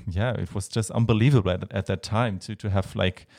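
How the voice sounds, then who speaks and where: German-accented male guest, lowish voice, hesitant and friendly. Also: fairly even intonation, a little fast, gravelly, darkish tone. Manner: hesitant, many fillers, laughs often. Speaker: guest, Baroque violinist. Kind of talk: casual interview chat.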